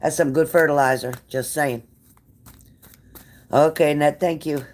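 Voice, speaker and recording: A woman's voice: deep voice, fairly even intonation, measured pace, a little mellow. A woman hosting a casual livestream, blunt and sassy, cursing freely as she answers viewer comments. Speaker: livestream tarot reader.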